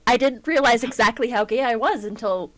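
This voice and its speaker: A woman's voice: a little high, brisk, a bit bright, dry recording. Playful woman co-host, dry close sound. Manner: playful, joins the bits with mock-dramatic pleas. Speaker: podcast co-host. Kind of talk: casual chat on a live stream.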